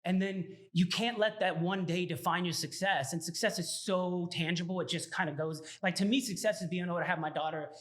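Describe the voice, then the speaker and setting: A man, a guest shop owner, telling his story in a casual interview, animated and full of "like" fillers. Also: high-pitched, brisk, few pauses. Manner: animated, lots of "like" fillers and acted-out quotes.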